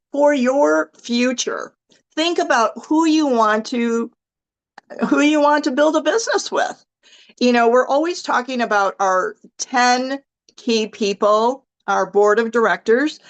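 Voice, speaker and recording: An enthusiastic woman with a somewhat high voice leads a motivational team call. She talks in a chatty, gushing way over a video-call mic, and her voice is a little hoarse. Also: rough recording. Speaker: team leader.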